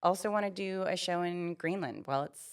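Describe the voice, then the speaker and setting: Woman host goofing around on her podcast, lowish voice, jokey. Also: moderate pace, smooth. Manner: playful, joking. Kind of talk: casual podcast chat.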